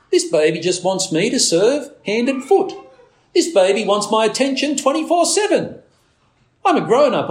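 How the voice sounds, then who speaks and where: A man preaching a sermon in an earnest tone, who now and then mimics a demanding baby. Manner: earnest preaching, acts out a baby's demands in a shrill voice. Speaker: pastor.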